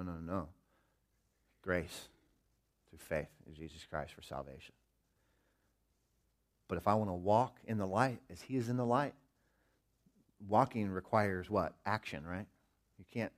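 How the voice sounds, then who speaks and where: A man in his thirties preaches to his congregation. He tells stories with animated energy and acts out the voices of the people in them. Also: deep voice. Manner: animated storytelling with acted-out quotes. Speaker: pastor. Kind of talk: sermon.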